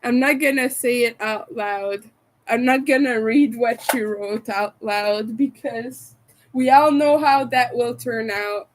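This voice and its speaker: Woman livestreamer, casual chat with viewers, slow and rambling, higher voice, laughs a lot. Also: low-quality recording. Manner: giggly, laughs often and hard; rambling, restarts and fillers. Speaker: crochet livestreamer.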